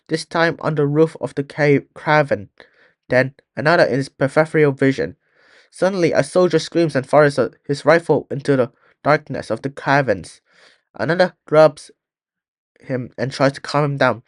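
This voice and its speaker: A man's voice: a little high, normal speed, dry recording, studio quality. A man reading a fan-written story aloud in a plain way, often restarting words. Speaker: story reader.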